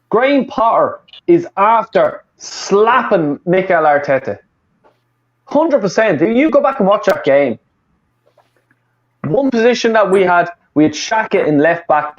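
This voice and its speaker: A man's voice: high voice, big pitch swings, measured pace. A man from Dublin with an Irish accent, ranting casually and swearing a lot as a football fan co-host. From Ireland, Dublin. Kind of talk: casual chat. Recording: muffled lo-fi audio.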